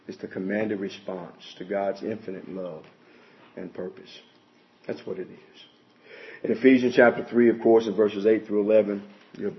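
A man preaching a sermon, emphatic and full of rhetorical questions, citing scripture chapter and verse. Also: mid-range voice. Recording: dull lo-fi recording.

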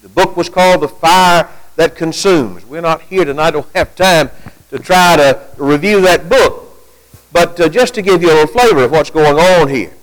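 A man's voice: on the high side, normal speed, rough recording. A man preaching an evening sermon, asking rhetorical questions and reading quotations aloud to his congregation. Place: church gathering at night.

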